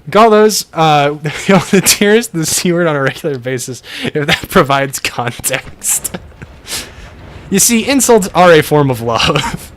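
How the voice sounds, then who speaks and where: A man's voice: fairly high pitch, fairly bright tone, a little hiss or hum. A man streaming a game, chatting casually and playfully with his viewers in a rambling way.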